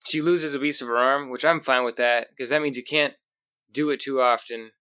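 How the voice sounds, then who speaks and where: A man's voice: medium pitch, steady tone, moderate pace, bright, forceful tone, smooth, dry recording. A man co-hosting a casual podcast about comics, talking enthusiastically with lots of fillers. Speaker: podcast co-host. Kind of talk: casual chat.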